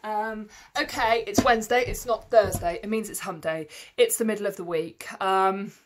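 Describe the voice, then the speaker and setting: A woman's voice: medium pitch, normal speed, slight background noise. A woman who runs a clothes shop, chatting through a dress try-on in a rambling, self-mocking way with lots of ums. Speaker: boutique owner. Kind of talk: casual fashion try-on vlog.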